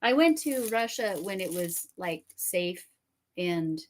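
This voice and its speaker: A woman's voice: fairly low pitch, lively intonation, slow, a little hiss or hum. A middle-aged woman from the United States hosting a casual crafting chat, rambling and laughing often. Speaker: host, crafter.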